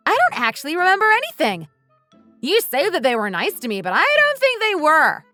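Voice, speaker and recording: A woman voicing a high, resentful wife. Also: huge pitch swings, brisk, bright, forceful tone, no echo, faint music behind, heavily acted. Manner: bitter, accusing, blunt. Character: resentful wife fed up with her husband. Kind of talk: scripted dialogue drama.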